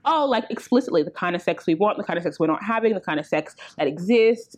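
A woman's voice: medium pitch, expressive, fast, few pauses. A woman chatting candidly and animatedly, often acting out the voices of people she quotes. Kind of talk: casual chat.

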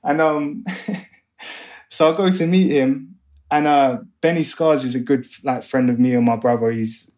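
A man's voice: mid-range voice, measured pace. Young man telling stories. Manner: animated, acts out other voices in his stories. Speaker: guest, music A&R manager. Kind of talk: casual storytelling interview.

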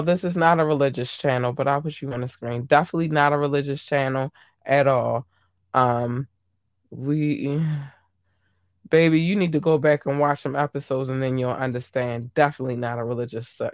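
A gushing, affectionate podcast host in casual livestream chat, calling listeners babies and darlings. The voice sits at a middling pitch but leaps from low murmurs to high squeals. The sound is dry and close, with no room around it. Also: no room sound.

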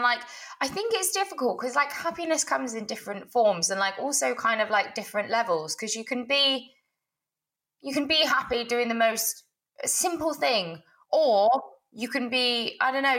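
A woman's voice: fairly high pitch, pushed and bright. A young woman co-hosting a podcast, rambling in casual chat with lots of fillers and giggles. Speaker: podcast co-host.

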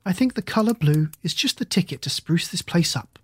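A reader voicing a cheerful, kindly eccentric aunt in a storybook, gentle and reassuring. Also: medium pitch, lively intonation, brisk, slightly rough. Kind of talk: storybook character voice.

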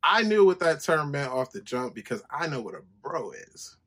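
Profane, animated podcast host man. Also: moderate pace. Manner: profane, animated, acts out quoted conversations in a higher voice. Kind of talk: casual storytelling monologue.

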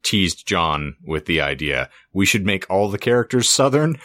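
Animated joking podcast host, a man. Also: low-pitched, normal speed. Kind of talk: casual crude banter.

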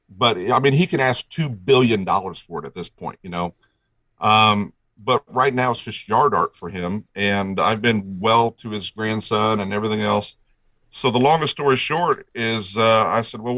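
A man from Indiana tells a rambling, folksy story and acts out everyone's lines along the way. His voice sits a little low but comes across bright and forceful. The sound is dry and close. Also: moderate pace, dry recording, low-quality recording. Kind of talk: casual storytelling.

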